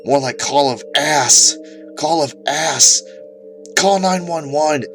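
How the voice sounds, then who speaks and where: Man shouting as a foul-mouthed angry game reviewer. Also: fairly high pitch, brisk, faint music behind, voice pushed up, natural voice. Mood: drawn-out mocking. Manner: shouting, screaming crude insults.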